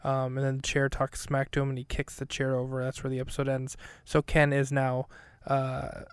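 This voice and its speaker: A man's voice: medium pitch, monotone, normal speed, clean tone, no echo. A man hosting a podcast, recapping an episode in a casual, rambling way, full of fillers and self-corrections. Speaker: podcast host.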